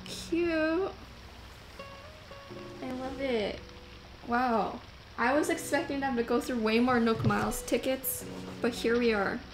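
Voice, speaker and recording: A young woman streaming a video game, chatting to her viewers in a casual, gushing, easily excited way. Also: fairly high pitch, takes it slowly, pauses often. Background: game music.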